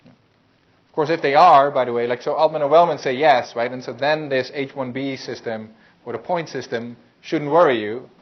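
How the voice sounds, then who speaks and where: A man's voice: medium pitch, normal speed. A man lecturing a university class in a loose, conversational way, with many fillers and restarts. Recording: muffled lecture recording with faint hiss.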